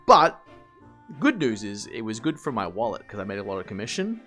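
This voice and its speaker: A man streaming live, rambling through animated work stories to his chat, swearing and laughing as he goes. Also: on the low side, moderate pace, soft background music.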